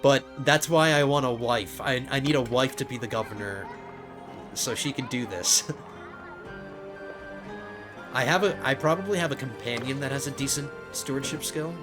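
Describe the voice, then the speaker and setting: Excitable man narrating his gameplay. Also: medium pitch, moderate pace, pauses often. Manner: excitable, thinks aloud, restarts often. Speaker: let's play host. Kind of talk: casual gameplay commentary. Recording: game music playing under the voice. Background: game music.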